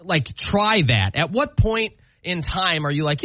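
A man co-hosting a casual chat, wondering aloud in an animated way. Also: high voice, fairly quick, hardly any pauses, no echo.

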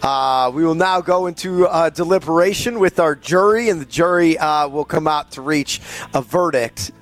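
A man's voice: on the high side, moderate pace, a bit bright. A man hosting a radio show, acting as a mock-stern, officious judge in a comedic bit. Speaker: radio host playing judge.

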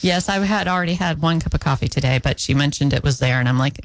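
A woman's voice: low voice, quick pace, no echo. A woman co-hosting a morning radio show, dry and teasing, reading the weather from a studio mic. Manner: dry, teasing, matter-of-fact. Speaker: radio co-host and weather reader. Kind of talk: casual on-air banter. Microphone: studio microphone.

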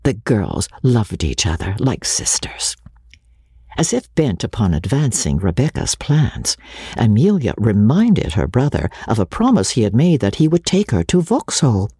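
Man, storybook narration, breathy, very wide pitch range, dry close sound. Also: unhurried, no room sound. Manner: expressive, often dropping to a breathy near-whisper. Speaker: audiobook narrator.

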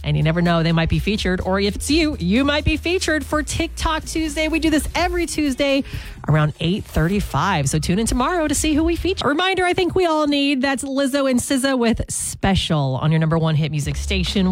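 A woman's voice: medium pitch, lively intonation, fairly quick, over music. A young woman hosting a morning radio show, chatty and self-mocking. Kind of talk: upbeat morning radio talk.

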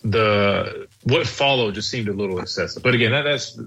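A man's voice: lowish voice, moderate pace, fairly bright tone, breathy edge, rough recording. A man co-hosting sports talk radio, hedging and rambling through his take with many restarts.

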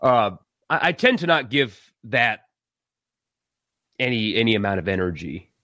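A man from South Carolina, hosting a casual live sports talk stream, animated and exasperated. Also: fairly low pitch, a little slow, dry recording, clean studio sound. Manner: animated, exasperated, laughs and sighs.

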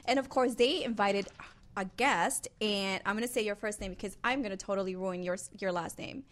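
A woman's voice: mid-range voice, a little fast. A woman co-hosting a casual chat show on location, teasing and playful, laughing often. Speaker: co-host.

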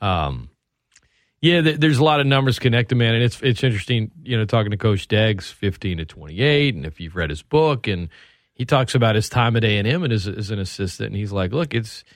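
A man's voice: on the low side, animated, fairly quick, no room sound, studio quality. A man co-hosting a sports radio show, speaking in a conversational, easygoing way. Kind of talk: casual sports talk.

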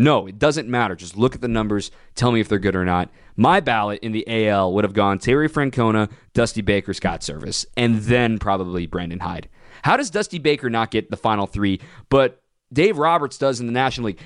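A man hosting a sports radio show, ranting with opinionated, punchy emphasis and sudden jumps in pitch. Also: animated, quick pace, smooth, no echo, studio quality.

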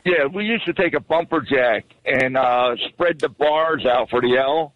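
Philly-trucker on a tinny phone line. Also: male voice, mid-range voice, unhurried. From Philadelphia. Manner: chatty, reminiscing. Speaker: caller. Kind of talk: phone-in call.

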